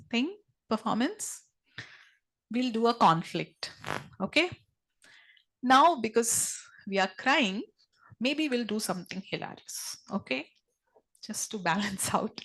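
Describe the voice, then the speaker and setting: A woman with an Indian English accent guides a group workshop with a mid-pitched voice. She speaks gently and reassuringly, repeating her encouragement over and over. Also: rough recording. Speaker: workshop facilitator.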